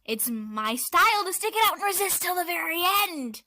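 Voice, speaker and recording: A high, bright, sing-song robot bear headmaster, gleefully mocking and hamming it up, as a woman acts him out. Recorded dry and close at home for a fan dub, with faint music underneath. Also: big pitch swings, moderate pace, dry recording, full character voice. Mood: hammy defiance.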